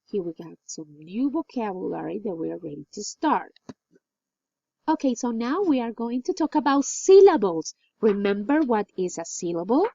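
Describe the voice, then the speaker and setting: A woman teaching an English lesson, reading exercises slowly and clearly and praising answers. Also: fairly high pitch, dark tone, no echo. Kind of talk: recorded classroom lesson. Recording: dull, lo-fi dry recording.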